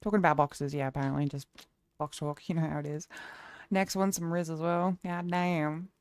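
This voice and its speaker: A woman's voice: deep voice, fairly even intonation, moderate pace, a little mellow. A woman streamer chatting with her audience in a playful, flirty way, cracking crude jokes and laughing often. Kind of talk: casual livestream chat.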